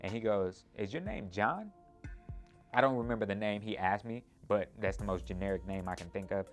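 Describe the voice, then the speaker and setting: Man, twenties, lowish voice, animated storytelling, quick tag questions, faint music underneath. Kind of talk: personal storytelling.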